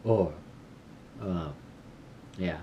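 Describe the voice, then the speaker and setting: A man recording himself while learning Korean, thinking aloud and repeating phrases slowly in a casual way. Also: low voice, lo-fi sound, noisy background. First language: English.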